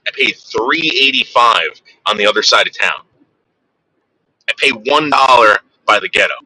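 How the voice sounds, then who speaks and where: A man's voice: mid-range voice, expressive, normal speed, bright, forceful tone, no echo, poor audio. A man hosting a casual livestream, chatting with his viewers and teasing them in a rambling way. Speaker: livestream host.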